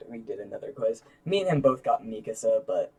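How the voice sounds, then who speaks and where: A man's voice: lowish voice, lively intonation, fairly quick, mellow. A man co-hosting a casual chat, joking, teasing and laughing often. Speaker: co-host.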